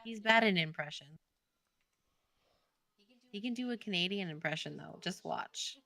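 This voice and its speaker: Giggly, slow-talking woman co-host. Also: on the low side, creaky, bright, forceful tone, no echo. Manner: giggly, chatty, lots of "like". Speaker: co-host of game development stream. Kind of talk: casual chat.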